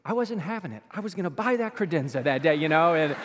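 High-voiced male pastor in an echoing hall. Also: animated, fast talker, slight background noise. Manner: storytelling with swings between hushed and loud. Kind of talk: sermon. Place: church. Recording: long reverb of a large hall.

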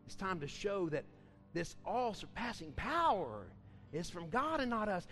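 A man preaches a church sermon in a high, fervent voice. He swings from loud, ringing outbursts to quiet, chatty storytelling. Faint music plays behind him. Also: very animated, unhurried. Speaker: pastor. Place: church service.

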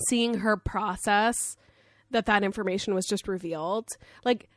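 A woman co-hosting a podcast, recapping a show in animated casual chat, swearing freely and acting out the characters' lines. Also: mid-range voice, a little slow, dry recording, studio quality. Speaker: podcast co-host.

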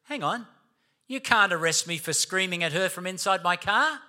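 A man's voice: fairly high pitch, steady tone, moderate pace, pushed and bright. A man acting out an indignant young male driver who protests his arrest in a raised voice.

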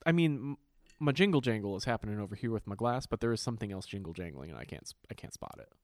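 A man co-hosting a podcast in casual chat, animated and sarcastic, swearing freely. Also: fairly low pitch, very fast, no room sound, studio quality. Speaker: podcast co-host.

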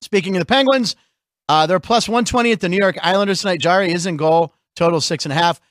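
High-voiced jokey male sports host. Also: quick pace, a bit bright, no echo, clean studio sound. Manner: chatty, jokey, laughs often. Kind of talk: casual sports show banter.

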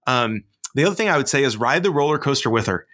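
A man in his thirties talks through parenting advice on a podcast in an earnest, rambling way, full of likes and ums. His voice is bright and forward in tone. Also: mid-range voice, expressive, fast. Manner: earnest, rambling with many fillers. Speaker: podcast co-host, father. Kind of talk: casual advice chat.

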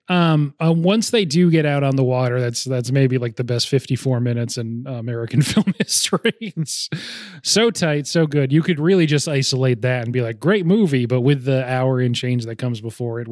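A man's voice: mid-range voice, dry recording. Laughing, rambling young man, dry sound. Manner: rambling, laughs often, restarts. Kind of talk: casual film chat.

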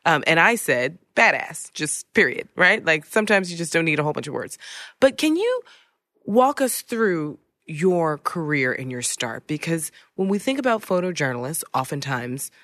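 Podcast host, casual interview, chatty questions, bright tone. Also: medium pitch, sing-song, moderate pace, no room sound.

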